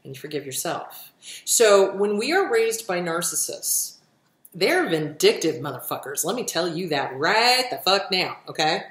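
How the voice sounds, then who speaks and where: A woman's voice: fairly low pitch, very animated, unhurried, a bit bright, reverberant, slight background noise. A woman hosting a question-and-answer show, answering viewer questions with blunt, profane, emphatic advice. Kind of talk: casual advice talk.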